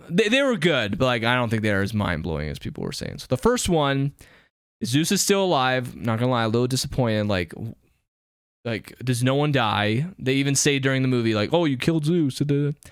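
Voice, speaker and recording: A man co-hosting a casual podcast chat, telling stories in a lively, enthusiastic way. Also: mid-range voice, a little fast, clean tone, no room sound, studio quality. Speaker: podcast co-host.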